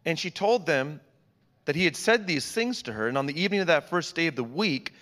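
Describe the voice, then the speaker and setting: A man's voice: on the high side, expressive, brisk, fairly bright tone, big-room sound. A man reads scripture aloud in church in an earnest, dramatic way and adds small asides. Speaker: scripture reader.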